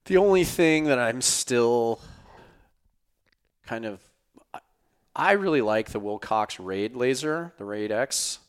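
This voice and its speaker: A man's voice: mid-range voice, animated, slow, pauses often, clear, resonant tone. A podcast host chatting loosely and rambling, swearing casually, his voice worn from an earlier recording. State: losing his voice. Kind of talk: casual chat.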